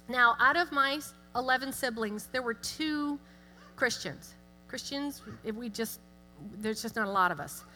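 A middle-aged woman giving a chatty, self-deprecating church talk with animated asides. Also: on the high side. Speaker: guest speaker. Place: church sanctuary. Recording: long hall reverb with music.

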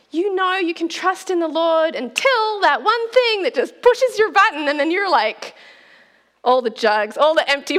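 Brief: middle-aged woman preacher, high and lively voice, animated storytelling with laughs. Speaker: speaker at a church talk. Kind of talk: storytelling sermon.

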